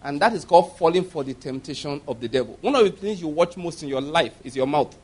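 High-voiced animated male preacher. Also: fast, breathy edge. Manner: animated storytelling with acted laughter and voices; emphatic, addresses congregation directly. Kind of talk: sermon.

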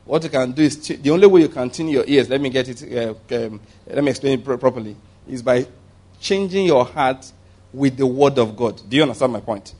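A man preaching a sermon, animated and humorous, often restarting sentences and acting out the voices he quotes. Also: mid-range voice, fairly quick.

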